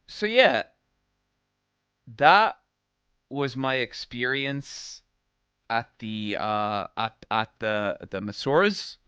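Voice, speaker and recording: A man streaming live, telling a funny story to his chat in a casual, animated way, laughing and quoting others. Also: medium pitch, drawn-out words, long pauses, smooth, no room sound, lo-fi sound. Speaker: streamer host.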